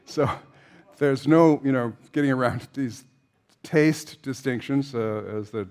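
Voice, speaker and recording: An older man lecturing a class on opera in a relaxed, chatty way. His pitch sits in an ordinary middle range, and he fills his talk with small asides and restarts. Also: unhurried. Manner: chatty and anecdotal, with frequent fillers and restarts.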